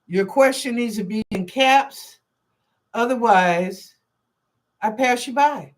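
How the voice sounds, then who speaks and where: A woman's voice: on the high side, takes it slowly, long pauses. A woman hosting a live stream of psychic readings, answering chat questions in a chatty, informal way, thinking aloud and repeating phrases. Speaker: psychic reader and show host.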